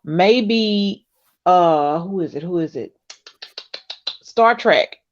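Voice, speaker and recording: A woman guest in a casual video chat who talks hesitantly with many fillers and quick agreements. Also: on the low side. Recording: muffled call audio.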